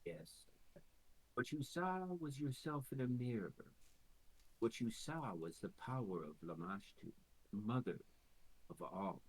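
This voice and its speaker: A man voicing a tiny, scheming female demon who speaks in a soft, coaxing, manipulative way, with a husky voice. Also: medium pitch, big pitch swings, unhurried, long pauses, rough recording. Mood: insinuating.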